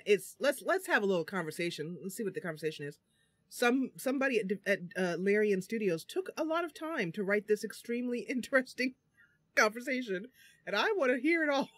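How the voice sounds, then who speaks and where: A woman with a mid-range voice, recorded with no echo, is casually livestreaming an RPG. She reads the dialogue aloud between bits of chatter, giggling and laughing frequently.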